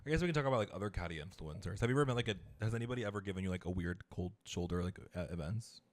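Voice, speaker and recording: A man's voice: deep voice, lively intonation, racing, a little hiss or hum. A man co-hosting a podcast, telling stories in casual chat, chatty and full of fillers. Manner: chatty storyteller, filler-heavy. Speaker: podcast co-host.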